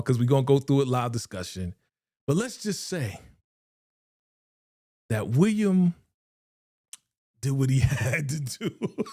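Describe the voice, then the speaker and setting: Man, live reaction host, casual slangy chat, lively pitch swings, repeats himself, sighs often, dry close sound. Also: no echo. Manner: animated, slangy, repeats phrases, frequent sighs.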